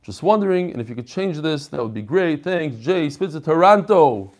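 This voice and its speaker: A man with a fairly high voice leads a relaxed class. He chats and jokes, reads out messages from listeners, then moves on to the text. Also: normal speed. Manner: chatty, joking, reads messages aloud. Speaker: rabbi teaching a Talmud class. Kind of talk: casual lesson with reading of emails.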